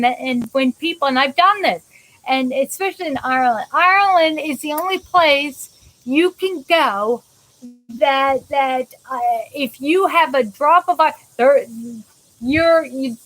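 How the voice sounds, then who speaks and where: A woman's voice: high voice, fairly bright tone, low-quality recording. A woman hosting a live chat show, talking in a rambling, chatty way with many restarts and stopping to greet viewers by name. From United States. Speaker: host of a live interactive show. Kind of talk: casual live-stream chat.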